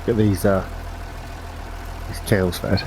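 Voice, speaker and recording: A man's voice: fairly low pitch, little pitch movement, takes it slowly, a little mellow, slight background noise, low-quality recording. A man chatting casually as he plays a farming game, rambling and correcting himself. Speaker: gaming channel host.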